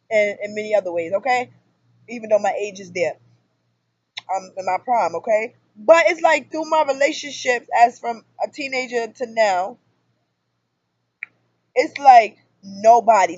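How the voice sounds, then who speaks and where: A woman in her thirties talking casually to camera about her relationship, in an animated storytelling manner that jumps up loud for emphasis. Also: medium pitch, unhurried, long pauses, no echo, dull audio. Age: 30s. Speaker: spiritual vlogger. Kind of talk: casual personal monologue.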